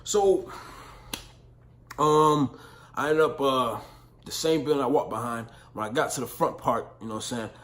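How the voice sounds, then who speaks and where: A man's voice: mid-range voice, normal speed, a bit bright. A young man vlogging, telling a story in casual slang, full of profanity and "you know what I'm saying".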